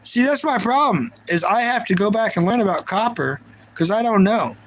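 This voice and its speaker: A man's voice: high-pitched, expressive, normal speed, poor audio. A young man hosting a livestream, chatting casually and playfully about anime and reacting to his viewers. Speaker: livestream host.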